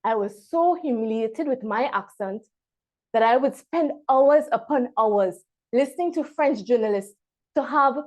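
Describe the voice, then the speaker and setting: A woman from Trinidad and Tobago, giving a prepared speech over a video call and pausing dramatically between words. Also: high voice, darkish tone. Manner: dramatic pauses, emphatic word-by-word delivery. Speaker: club member giving a speech.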